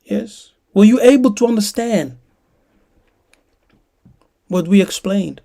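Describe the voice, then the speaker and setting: A woman's voice: medium pitch, slow pace, gravelly, mellow. A woman preaching in an emphatic teaching style, often asking listeners questions. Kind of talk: sermon-like teaching.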